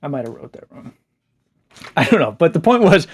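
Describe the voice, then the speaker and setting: A man's voice: fairly high pitch, very animated, a little fast, husky, no echo. A man casually reviewing a book he loved, enthusiastic and chatty, laughing easily.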